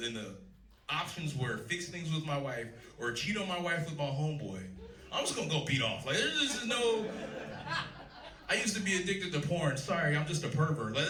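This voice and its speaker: A man's voice: a little high, recorded from a distance. A man in his thirties doing a stand-up set on a club stage, talking to a live audience and laughing at his own jokes. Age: 30s. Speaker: stand-up comedian. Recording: roomy club sound, live crowd.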